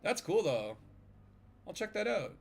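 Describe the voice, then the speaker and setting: A man hosts a relaxed gaming stream, talking in loose, meandering sentences full of "like" and "you know." He narrates what he is doing in the game as he goes. His voice sits a little on the higher side. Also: unhurried, gravelly. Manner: rambling, filler-heavy, chatty; narrates own gameplay. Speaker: streamer host. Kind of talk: casual gaming stream chat.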